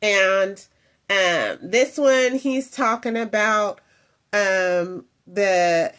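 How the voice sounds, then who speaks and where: A woman talks slowly and thoughtfully as she comments on a faith clip. She adds frequent fillers and asides, and her voice stays at an ordinary middle pitch. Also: a bit bright, clear, resonant tone. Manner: reflective and unhurried, with many fillers and asides.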